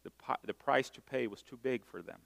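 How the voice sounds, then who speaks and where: A middle-aged man from Brazil, preaching a sermon and telling stories in a self-mocking, animated way. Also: medium pitch, brisk, vocal fry. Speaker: pastor. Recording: long hall reverb.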